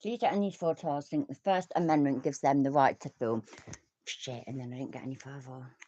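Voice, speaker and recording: A woman's voice: a bass voice, fairly even intonation, fairly quick, warm tone, lo-fi sound. A British woman hosting a live reaction stream, chatty and sweary with laughing asides. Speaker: livestream host reacting to videos. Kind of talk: casual live reaction commentary.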